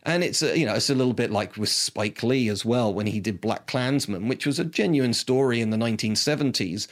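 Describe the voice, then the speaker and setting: A man's voice: medium pitch, a little fast. Give me an enthusiastic man reviewing films in a casual, rambling way. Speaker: film reviewer. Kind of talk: casual film talk.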